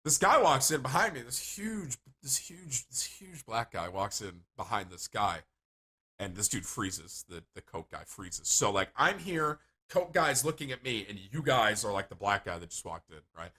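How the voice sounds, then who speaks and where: A man livestreaming, telling rambling stories to his chat in a casual, animated way and swearing freely. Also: mid-range voice, moderate pace, slightly rough. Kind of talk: casual storytelling to stream chat.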